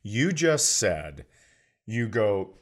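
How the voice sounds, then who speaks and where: A man's voice: fairly low pitch, expressive, measured pace, fairly bright tone. A man co-hosting a comedy podcast in casual chat, who teases his partner in a dry way. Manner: dry, teasing. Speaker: podcast co-host.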